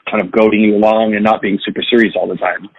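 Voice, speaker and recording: A man's voice: fairly low pitch, level tone, fast talker. A man who directs a game studio, answering interview questions in a candid, reflective way and thinking aloud. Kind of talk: casual podcast interview. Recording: dull lo-fi dry sound.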